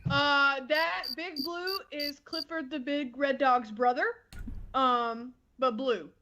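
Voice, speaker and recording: A woman guest in a casual livestream chat, making slow, playful jokes. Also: sits high, steady tone, pushed and bright, a little hiss or hum.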